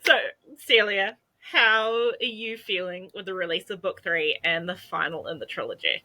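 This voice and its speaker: A woman co-hosting a casual podcast over a video call, playful and quick to swear. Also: lowish voice, sharp tone, low-quality recording. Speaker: podcast co-host.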